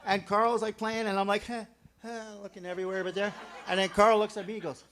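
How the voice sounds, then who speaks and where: A man's voice: high-pitched, fast. A man from Canada, a band member telling jokey stories during an interview. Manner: animated, jokey storyteller. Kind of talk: casual storytelling in an interview.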